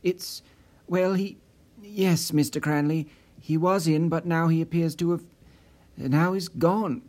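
A man's voice: fairly high pitch, measured pace, a little mellow, lightly acted. A man voicing a nervous male office supervisor who stammers and hesitates, raised a little above his own voice. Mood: flustered.

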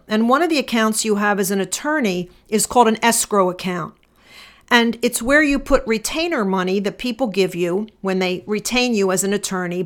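A middle-aged woman attorney telling a personal story and reflecting on it in a measured, deliberate way. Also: medium pitch. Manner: measured, deliberate, slowing for emphasis.

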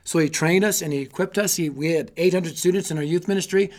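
A man giving an energetic, sermon-style talk to youth leaders, telling stories and rallying them with repeated calls. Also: sits high, quick pace. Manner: energetic storytelling with repetition; exhorting, rallying listeners. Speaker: youth ministry speaker.

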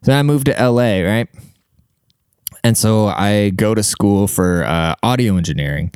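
A man's voice: fairly low pitch, normal speed, darkish tone, clean tone, dry recording, studio quality. A man rambling through a casual comic monologue, profane and self-deprecating, full of fillers. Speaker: comedian and podcaster.

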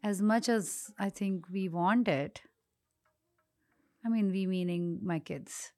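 Calm woman. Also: medium pitch, slow, no echo. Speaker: podcast co-host. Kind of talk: casual chat.

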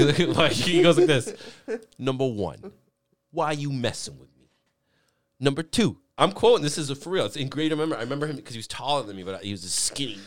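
A man telling rowdy stories in casual chat, swearing a lot, laughing and squealing out other people's lines. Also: fairly bright tone. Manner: profane, laughing storyteller; acts out voices with high squeals.

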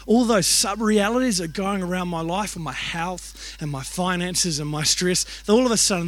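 A man, a youth and kids pastor telling stories in a sermon with animated, joking delivery. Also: high-pitched, dry recording. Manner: animated, jokey storytelling with acted-out voices. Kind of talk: storytelling sermon.

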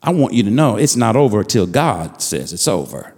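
A man's voice: lowish voice, sing-song, normal speed, darkish tone, slightly rough, in a large hall. A man preaching a fervent sermon as pastor, repeating phrases and building with rising calls to the congregation.

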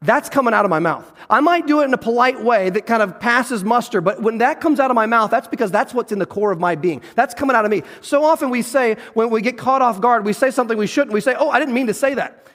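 A man preaching a sermon as pastor, earnest and emphatic, slowing down to stress key phrases. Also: extremely high pitch, fairly bright tone, big-room sound. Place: church sanctuary on a stage.

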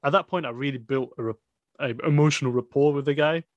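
A man's voice: fairly high pitch, fast, no room sound, highs cut off. A man casually discussing a film with a friend, rambling with many fillers and restarts.

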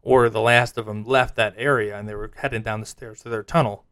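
A man's voice: lowish voice, brisk, clean tone, dry recording, studio quality. A man in casual conversation, telling events as a story and acting out what people said. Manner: animated storyteller acting out quotes. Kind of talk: casual chat.

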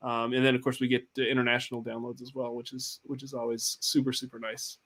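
A man's voice: mid-range voice, monotone, fast talker, fairly bright tone. A man hosting a casual livestream chat, rambling with many fillers and restarts. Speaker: podcast host.

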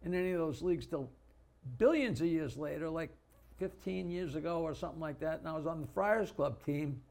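An older man from Long Island with a high, gravelly voice. He rambles through his memories, restarting sentences and chuckling as he goes. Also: fairly quick, a little mellow. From Long Island, New York. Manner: rambling storyteller, laughs mid-story, restarts often. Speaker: co-host. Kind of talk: casual reminiscing chat.

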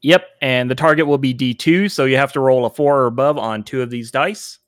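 A man running a tabletop role-playing game, narrating scenes with many pauses and filler words. His voice is smooth and resonant, recorded dry and close. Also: medium pitch, no room sound. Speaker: game master.

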